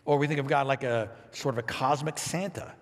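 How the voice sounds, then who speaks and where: A man preaching a sermon as pastor, animated and playful, reading scripture with lively asides. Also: medium pitch, brisk, big-room sound.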